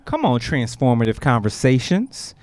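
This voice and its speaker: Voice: medium pitch, big pitch swings, moderate pace, a little mellow. A podcast host who speaks with enthusiasm and drops affirming interjections.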